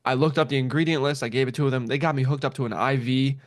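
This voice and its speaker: At a quick pace and medium pitch, a young man animatedly shares a story in casual chat, often swearing and laughing while acting out what people said.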